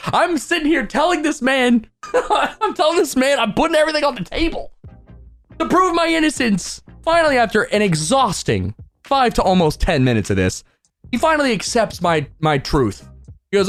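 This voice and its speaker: A young man telling a funny story from his youth in a storytime video, animated and joking. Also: very high voice, normal speed, faint music behind. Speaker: storytime vlogger. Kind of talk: comedic storytime narration.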